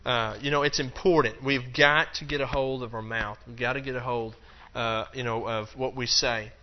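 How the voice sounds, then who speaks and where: A man's voice: medium pitch, steady tone, moderate pace, muffled recording, slight background noise. A man teaching a Bible lesson in a loose, conversational way, acting out the quotes and dropping in plenty of fillers. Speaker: preacher.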